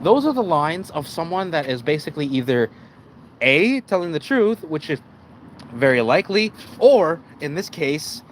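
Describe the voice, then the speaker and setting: A man giving rambling casual commentary on a live stream. He restarts often and keeps calling out to "ladies and gentlemen.". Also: on the high side, very animated, moderate pace, slight background noise.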